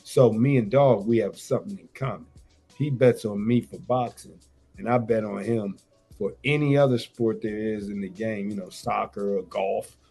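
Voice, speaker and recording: A man's voice: on the low side, steady tone, moderate pace, gravelly, mellow, husky, faint music behind. A man on a radio show, bragging loosely about his fighting and betting, with rambling slang and swearing. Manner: boastful, rambling, profane slang. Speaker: radio guest. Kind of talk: boastful casual chat.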